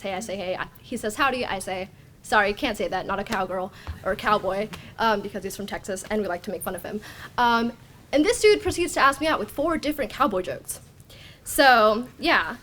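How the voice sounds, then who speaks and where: A woman's voice: fairly high pitch, fairly bright tone, a little hiss or hum. Rambling teenage girl telling a story. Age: teens. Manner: rambling, self-deprecating, quotes her own thoughts. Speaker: student storyteller. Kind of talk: story slam personal story.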